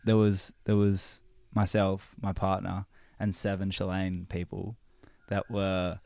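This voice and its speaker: A man talking as a podcast guest, recounting a sailing trip in a relaxed, laid-back way. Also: sits low, slow, gravelly, no room sound. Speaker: guest, filmmaker. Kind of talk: casual podcast conversation.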